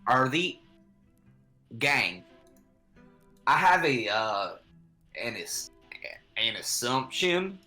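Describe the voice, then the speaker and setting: A player at a tabletop game, speaking in a slow and halting way. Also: medium pitch, very animated, bright, forceful tone, faint music behind.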